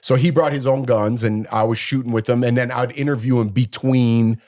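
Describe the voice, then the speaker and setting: On a casual podcast, a male co-host with a mid-range voice tells a story at a moderate pace. He's an animated storyteller who acts out the quotes with lively energy.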